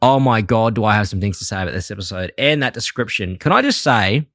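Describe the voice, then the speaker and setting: A man co-hosting a podcast in casual chat, excitable and quick to laugh. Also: fairly low pitch, no echo, studio quality. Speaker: podcast co-host.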